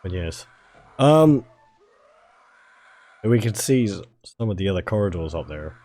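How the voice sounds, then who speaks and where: Casting: Australian man, mild accent, hoarse throat, lowish voice, rambling casual game stream chat. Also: sing-song, unhurried, mellow. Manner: chatty, rambling, talks to chat viewers. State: hoarse, fading voice. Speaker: streamer playing a video game.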